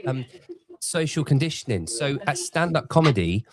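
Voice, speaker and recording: A man's voice: mid-range voice, very animated, normal speed, crowd noise. A man hosting a casual chat, rambling with frequent laughs and restarts.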